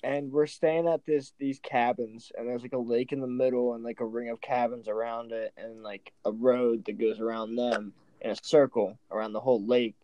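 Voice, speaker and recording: Mellow laid-back man, dull lo-fi sound. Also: medium pitch, little pitch movement, moderate pace, few pauses, no echo. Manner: laid-back, joking reactions, loose rambling description. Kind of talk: casual chat.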